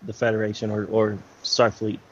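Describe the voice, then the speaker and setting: A man co-hosting a podcast, talking in a relaxed, rambling way with many fillers. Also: on the low side, moderate pace. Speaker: podcast co-host. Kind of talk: casual chat about comics. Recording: slightly dull lo-fi audio.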